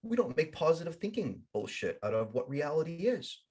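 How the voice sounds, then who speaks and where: Animated, emphatic man telling stories. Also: a little high, a little fast. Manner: emphatic, energetic, acts out voices. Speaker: podcast guest and coach. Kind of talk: animated storytelling and plugs.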